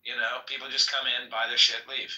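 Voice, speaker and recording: A man's voice: medium pitch, little pitch movement, a little fast, pushed and bright, reverberant, recorded from a distance, a little hiss or hum, poor audio. A man in casual chat who speaks with a faint lisp on his S sounds. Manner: chatty, self-conscious about a slight lisp.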